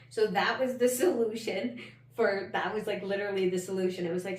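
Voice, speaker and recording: A woman's voice: medium pitch, fairly even intonation, brisk. A woman hosting her own podcast, telling a personal story in a candid, rambling way, full of "like" and the odd swear word. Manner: candid and rambling, heavy use of "like", frequent swearing. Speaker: podcast host. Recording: roomy, slightly distant mic.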